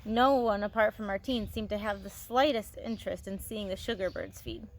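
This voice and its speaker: A woman teacher reading a novel aloud to her students, expressive, with small restarts, on a phone. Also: medium pitch, normal speed.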